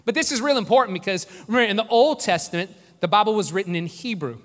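A man's voice: high-pitched, lively intonation, fast talker, long reverb tail. A man preaching a sermon as pastor, earnest and conversational, often restarting his phrases.

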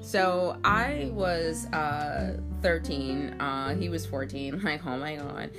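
A woman's voice: low voice, slow pace. Chatty, laughing young woman with music behind. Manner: chatty and self-mocking, many likes and ums, frequent laughs. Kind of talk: casual storytelling to camera.

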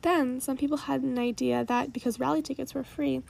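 A young woman from Oklahoma hosts the show, talking through clips and tweets with earnest, mildly indignant commentary. Her voice sits a little high but has a gravelly, fried edge. The tone is mellow and dark. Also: steady tone, brisk. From Tulsa, Oklahoma, US. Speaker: podcast host.

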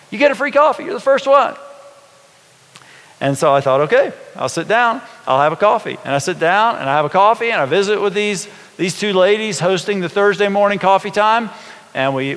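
A man, a pastor, preaching a sermon in a relaxed storytelling way, often asking his congregation questions. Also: sits high, clean tone. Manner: conversational, folksy, asks the congregation questions. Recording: long hall reverb.

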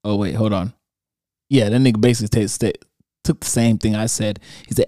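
Young man, podcast host, casual storytelling, mellow tone, dry close sound. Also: on the low side, fairly quick, dry recording. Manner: animated storytelling, reading out social media comments with slang and laughs. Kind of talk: casual solo podcast monologue.

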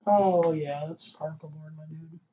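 A man's voice: on the high side, fairly even intonation, normal speed, dark tone, lo-fi sound. A man co-hosting a casual podcast, making dry, laid-back remarks and swearing now and then. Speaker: podcast co-host.

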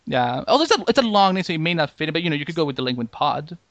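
A man with a somewhat high voice hosts a casual podcast chat, meandering through his thoughts with lots of "like" and false starts. The sound is dry and close, with no room around it. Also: big pitch swings, rapid-fire, fairly bright tone, no room sound. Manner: rambling, with frequent "like" and restarts. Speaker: podcast host.

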